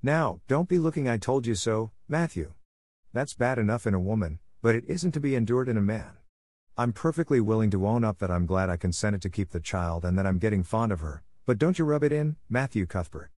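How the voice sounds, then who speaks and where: Man putting on a strict older lady, tart and scolding, brisk. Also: on the low side, animated, darkish tone, dry recording, clean studio sound. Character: stern, sharp-tongued older spinster woman.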